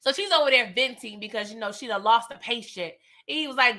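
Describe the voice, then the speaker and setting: Bright-voiced, chatty woman. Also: a little high, brisk. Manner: animated, slangy, chatty, talks straight to viewers. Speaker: TV recap host. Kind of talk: casual recap and review.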